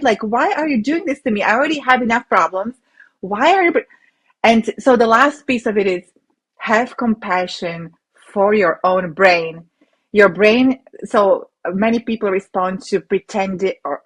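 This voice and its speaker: A woman doctor, a rheumatologist, explaining ideas in an interview in an animated way with many restarts. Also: mid-range voice, husky. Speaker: rheumatologist guest.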